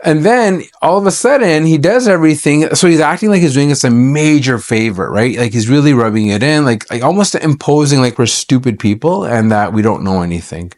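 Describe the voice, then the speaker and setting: A man's voice: mid-range voice, expressive, brisk, few pauses, darkish tone. A middle-aged man from Canada, an accountant, telling a personal story to camera in a chatty, aggrieved way with many fillers and restarts.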